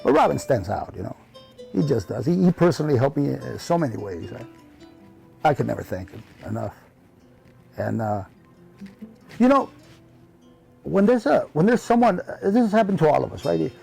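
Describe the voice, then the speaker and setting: A man's voice: mid-range voice, sing-song, moderate pace, vocal fry, pauses often, mellow, slightly rough, faint music behind. A male comedian reminiscing in an interview, rambling and heartfelt, often saying "you know" and acting out remembered conversations. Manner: acts out remembered dialogue in his telling. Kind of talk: reflective storytelling in conversation.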